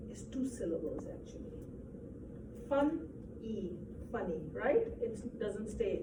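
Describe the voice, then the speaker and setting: A woman's voice: medium pitch, very animated, slow. A woman teaching an English grammar lesson to a class, explaining patiently and often checking with "right?". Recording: echoey room, distant mic, faint noise.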